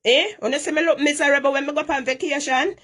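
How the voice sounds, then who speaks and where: A woman's voice: sits high, fairly even intonation, fast talker, fairly bright tone. Scolding Jamaican woman on a live stream. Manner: scolding, repetitive, Patois-heavy.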